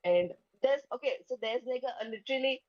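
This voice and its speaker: A woman's voice: high voice, fairly quick, dry recording. Young woman, rambling anecdote teller with lots of "like", dull dry mic. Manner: chatty, peppers speech with "like" and "okay", acts out dialogue. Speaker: streamer telling a story. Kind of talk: casual storytelling chat.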